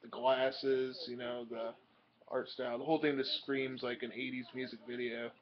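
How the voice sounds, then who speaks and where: A man's voice: medium pitch, level tone, normal speed. A young man rambling through his new comics in a casual show-and-tell vlog, with plenty of ums and uhs. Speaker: comic book collector showing purchases. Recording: dull lo-fi home recording.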